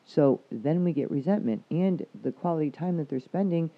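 A man's voice: a little high, expressive, normal speed. A man working as a counselor, talking casually and frankly, swearing freely as he explains things. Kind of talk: casual chat. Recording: dull lo-fi recording.

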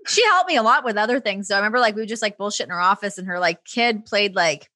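A woman's voice: medium pitch, expressive, fast talker, bright, forceful tone, no room sound. A young woman from Toronto with a faint Canadian accent, chatting as an interview guest, laughing often and full of "like" fillers. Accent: faint Canadian, trained toward American. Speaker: guest, broadcaster. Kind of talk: casual interview chat.

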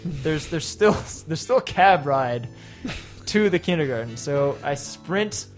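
A man on a podcast telling a story in casual chat, animated, laughing often and acting out the people he quotes. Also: on the high side, slow pace, faint music behind. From English-speaking foreigner living in Japan.

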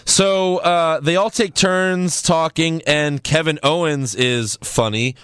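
A man's voice: a little high, fairly even intonation, slow pace, a bit bright, smooth, dry recording. A man from New York co-hosting a podcast, recapping a show in casual chat and often laughing. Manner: chatty, laughs often, curses. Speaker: podcast co-host.

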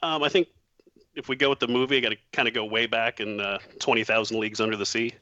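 A man's voice: medium pitch, steady tone, fast talker, sharp tone, dry recording, dull audio. A man, a trivia contestant on a call, laid-back with dry humor. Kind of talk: casual chat on a call.

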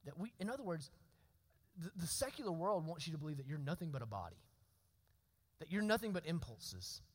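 A man's voice: fairly high pitch, sing-song, a little fast. A male pastor preaching a sermon in a church, talking conversationally, repeating his phrases and asking the congregation questions. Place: church sanctuary. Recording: long hall reverb.

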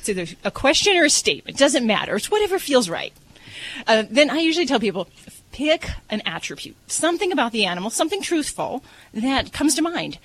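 A woman veterinarian, a guest on a radio talk show, explaining things in a relaxed way with fillers. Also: high-pitched, fairly quick, rough recording. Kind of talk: casual radio interview.

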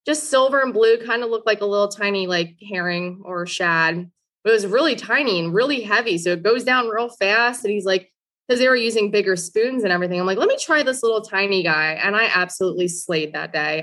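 A young woman guest in a casual interview, animated, telling stories and often quoting others. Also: mid-range voice. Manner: animated storyteller, quotes others, laughs often. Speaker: guest angler.

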